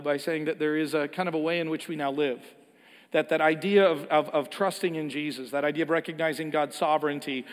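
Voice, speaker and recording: Emphatic preacher in a reverberant hall. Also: male voice, fairly high pitch. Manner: emphatic, swings between soft and loud, repeats words. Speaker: pastor. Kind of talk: sermon.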